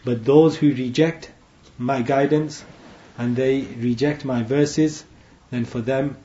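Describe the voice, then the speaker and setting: A man delivers a sermon in a mellow, warm voice, moving between plain explanation and quickly chanted Arabic verses, often pausing for short asides. The sound is roomy with echo and a little dull. His pitch sits in the middle for a man. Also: fairly even intonation, slight background noise. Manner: teaching, checking in with frequent asides. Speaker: imam. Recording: echoey, dull room sound.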